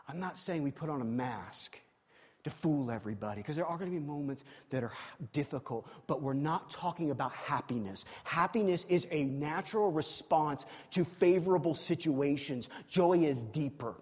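High-voiced husky preacher man in a hall. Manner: emphatic, swings from loud exclamations to quiet asides. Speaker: pastor. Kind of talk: sermon. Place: church sanctuary. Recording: long reverb of a large hall.

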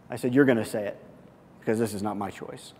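A man preaching a sermon, telling a personal story and slipping into excited, quoted voices. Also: lowish voice, moderate pace, big-room sound, a little hiss or hum. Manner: storytelling with lively swings into excited quoted speech. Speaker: pastor.

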